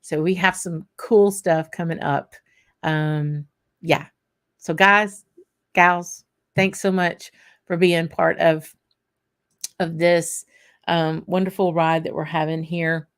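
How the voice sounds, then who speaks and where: A woman's voice: fairly low pitch, takes it slowly, pauses often. A woman host, chatting casually and easily with plenty of ums as she wraps up a whisky tasting episode. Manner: chatty and relaxed, with frequent ums and light laughs. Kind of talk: casual podcast chat.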